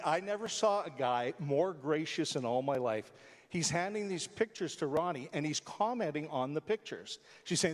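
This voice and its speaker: An older man, a longtime radio personality, tells heartfelt stories on a theatre stage. His voice runs a little high and he tells them with animated, emotional energy. The sound carries a long reverb from the hall. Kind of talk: storytelling speech to a live audience.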